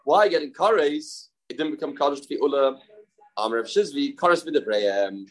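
A man's voice: on the high side, expressive, moderate pace, low-quality recording. A man with a Yeshivish accent teaching a daily Talmud lesson, repeating key phrases and asking and answering his own questions. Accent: Yeshivish English.

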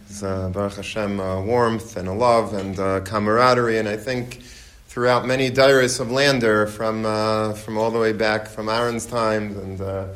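Halting man speaking to a gathering. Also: fairly low pitch, flat delivery, fairly bright tone. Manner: halting, many fillers. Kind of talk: speech with religious teaching. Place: room with gathered guests.

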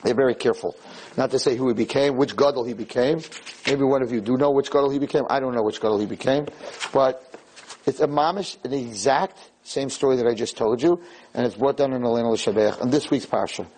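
A man from New York, a rabbi telling stories in an animated way to a live audience in a room. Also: a little fast, slightly rough, poor audio. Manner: animated, jumps high when quoting people. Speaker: rabbi giving a talk. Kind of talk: storytelling Torah talk to a live audience.

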